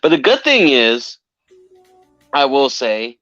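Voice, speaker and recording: A man's voice: mid-range voice, very animated, slow, fairly bright tone, no echo. A man chatting casually on a call-in show, circling back on his words with plenty of fillers. His voice sounds dull and lo-fi, recorded very dry, with faint music behind him. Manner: chatty, repeats himself, many fillers.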